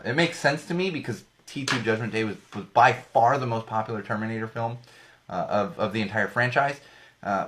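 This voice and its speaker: A man's voice: medium pitch, a bit bright. A man hosting a casual solo podcast, rambling and joking with frequent restarts and self-corrections, his voice a little worn. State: slightly losing his voice. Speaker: podcast host.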